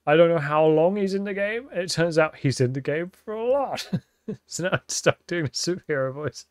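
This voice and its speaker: A man's voice: fairly high pitch, lively intonation, fairly quick, no echo. Rambling man streaming a game. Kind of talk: casual game commentary.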